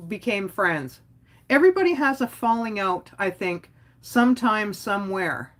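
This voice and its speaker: A woman's voice: on the high side, a bit bright. A woman hosting her own livestream, talking casually and bluntly, rambling with lots of "like" and chuckling as she goes. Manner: outspoken, rambling, frequent "like". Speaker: livestream host.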